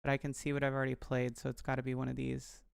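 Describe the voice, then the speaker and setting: A man's voice: mid-range voice, monotone, racing, creaky, clean tone, no echo, studio quality. A young man rambling on a live stream, talking to his viewers and poking fun at himself. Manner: chatty, self-deprecating, addresses viewers.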